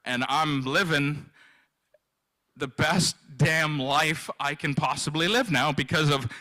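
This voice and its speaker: A man in his fifties giving an emotional personal testimony at a live event, halting and often repeating himself. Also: on the high side, pushed and bright, rough recording. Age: 50s. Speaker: guest speaker sharing his story.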